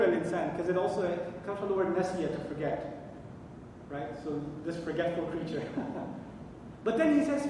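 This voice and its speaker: High-voiced man lecturing in an echoey hall. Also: darkish tone, slight background noise. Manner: quizzes the audience with questions, then answers them himself. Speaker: Quran teacher. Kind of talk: religious lecture. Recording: echoey hall recording from far off.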